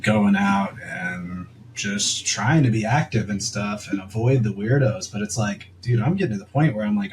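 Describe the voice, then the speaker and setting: A man's voice: lowish voice, moderate pace, a little hiss or hum, rough recording. A young man co-hosting a podcast, telling a story in a rambling, casual way full of "like" and quoted asides. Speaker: podcast co-host.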